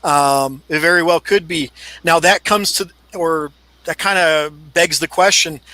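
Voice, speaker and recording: A man's voice: fairly high pitch, pushed and bright, dry recording, rough recording. A man in a casual podcast discussion, explaining at length and acting out what a dog would say. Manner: explains at length, acts out dog thoughts in quotes. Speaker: dog handling expert guest.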